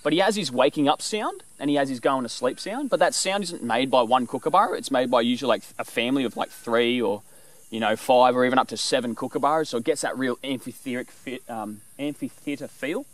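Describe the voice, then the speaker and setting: A man's voice: mid-range voice, a little fast, no room sound. A man explaining animal calls in a loose, rambling way, breaking now and then into bird imitations. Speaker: presenter teaching animal call mimicry. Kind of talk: casual explanatory talk.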